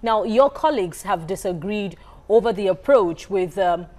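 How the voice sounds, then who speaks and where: A woman interviewing a governor on a TV news program, laying out the background in a measured way before asking her question. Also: mid-range voice, lively intonation, darkish tone.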